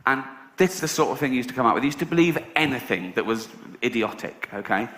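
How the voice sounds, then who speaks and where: A man's voice: mid-range voice, animated, quick pace, fairly bright tone. A middle-aged man doing a sardonic stand-up routine, swearing and acting out characters. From England. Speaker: stand-up comedian. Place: large theatre with a live audience. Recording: echoey live theatre with audience laughter.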